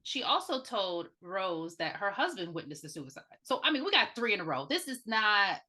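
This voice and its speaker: A woman co-hosting a podcast, chatting casually about a movie, tossing in quick questions and jokes. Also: medium pitch, big pitch swings, bright, forceful tone. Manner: quick questions and joking interjections. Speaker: podcast co-host. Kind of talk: casual movie recap chat.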